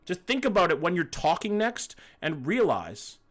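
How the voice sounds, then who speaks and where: A man's voice: high voice, big pitch swings, normal speed, fairly bright tone. A young Canadian man with a Canadian accent, streaming and chatting casually, blunt and swearing freely while answering his chat.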